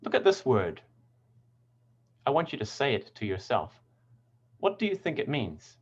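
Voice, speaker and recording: A man teaching English pronunciation in a scripted lesson, speaking clearly and deliberately and stressing example words. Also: medium pitch, sing-song, lo-fi sound.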